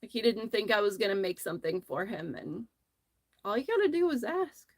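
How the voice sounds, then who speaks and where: A woman's voice: mid-range voice, sing-song, fairly quick, dry recording. A woman hosting a casual crochet livestream from her phone, telling a rambling, friendly story as she works. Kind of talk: casual chat while crocheting.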